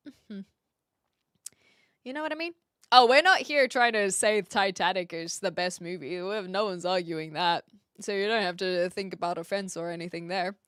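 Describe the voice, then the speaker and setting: Chatty, bright-voiced woman streamer. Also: mid-range voice, moderate pace, clean tone, no room sound, studio quality. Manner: chatty, laughing, fillers, reads chat aloud. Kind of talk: casual live-stream chat.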